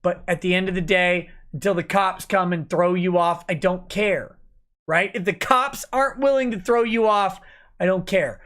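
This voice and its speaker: Speaking at a moderate pace in a high, fairly bright voice, this livestream host is drunk and fuming late at night. He rants furiously and curses a great deal.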